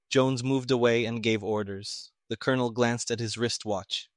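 A man narrating an audiobook in a steady, even storytelling manner. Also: mid-range voice, normal speed, hardly any pauses, no echo, clean studio sound.

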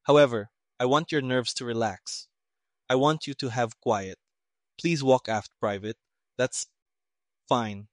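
A quiet, measured detective lays out his reasoning in precise, even words, as a male reader voices him. The sound is dry and close, with no room around it. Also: mid-range voice, no echo, lightly acted. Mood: calm. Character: calm, shrewd male detective.

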